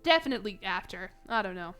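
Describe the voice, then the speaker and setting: A woman's voice: medium pitch, expressive, fast, fairly bright tone, clear, resonant tone, faint music behind. A young woman from Chicago chatting casually on stream, rambling and emotional, laughing at herself. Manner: rambling, emotional, self-mocking, laughs often.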